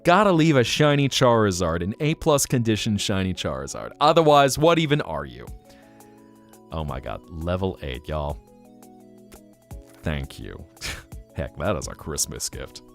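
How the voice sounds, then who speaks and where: A man streaming live, chatting casually in a rambling, animated way, often laughing and thanking viewers. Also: deep voice, measured pace, creaky, pauses often, soft background music.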